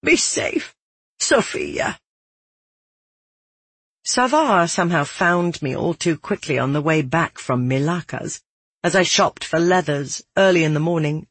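An audiobook narrator reading first-person fiction in a measured, even storytelling manner. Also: mid-range voice, breathy edge, no echo.

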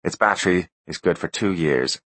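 A man's voice: low voice, moderate pace, fairly bright tone, dry recording. A man voicing a haughty, brilliant teenage boy in a storybook reading, speaking with cool, precise diction.

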